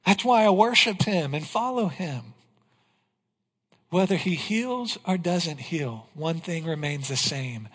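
A man with a high voice preaches a sermon, driving his points home with rhetorical questions and then dropping low and quiet on the lines that matter. His voice carries a long reverb from the church hall around him. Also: expressive, slow pace. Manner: emphatic preaching, rhetorical questions, drops to a hush for key lines. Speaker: pastor. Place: church sanctuary.

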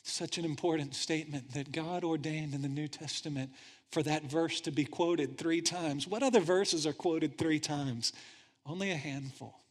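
Brief: male pastor, high-pitched, lively sermon storytelling in a long-reverb hall. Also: moderate pace. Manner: animated storytelling, swinging from hushed to loud.

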